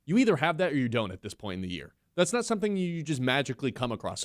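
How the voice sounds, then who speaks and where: A man's voice: mid-range voice, big pitch swings, fast talker, no echo, clean studio sound. A man co-hosting a sports radio show, making emphatic points in a casual, opinionated way. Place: radio studio.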